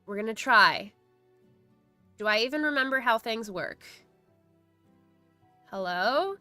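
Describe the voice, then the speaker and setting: Bright, crisp-voiced woman streamer. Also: on the high side, lively intonation, slow pace, no room sound, soft background music. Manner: reads chat aloud, chatty and giggly. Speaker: streamer hosting a study stream. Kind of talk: casual live-stream chat.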